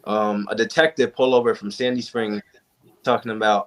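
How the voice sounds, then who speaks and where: In a mid-range voice and at a brisk clip, a young man appearing as a panel guest casually tells the group stories. He's lively about it, playing out each quoted exchange himself.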